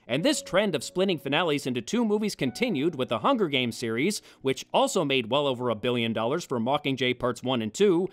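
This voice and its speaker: A man hosting a scripted comedic film commentary, with sarcastic, wry asides. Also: on the high side. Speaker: film review host.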